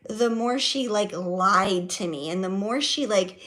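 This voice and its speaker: A woman's voice: medium pitch, a little slow, a bit bright. A middle-aged woman telling a story on her vlog at home, emphatic and profane, rambling with fillers and repeated words. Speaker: vlogger.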